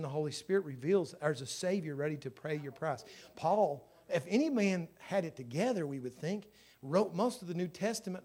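Male pastor, high voice, fervent sermon, storytelling. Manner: storytelling preacher, voices quoted people, builds to fervent loud passages.

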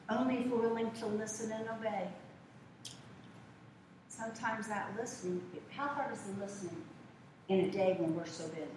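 A woman's voice: mid-range voice, normal speed, long pauses, darkish tone, slight background noise. An older woman preaching a sermon in a church, telling stories in a conversational, folksy way. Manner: conversational storytelling, folksy asides. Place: church sanctuary. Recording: echoey church from far off.

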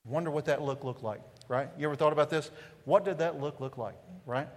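A man's voice: a little high, a little fast, big-room sound. A man from East Tennessee with a Southern Appalachian accent, preaching a sermon in a church and peppering it with rhetorical questions. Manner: conversational preaching with frequent rhetorical questions and "right?". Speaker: pastor. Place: church sanctuary.

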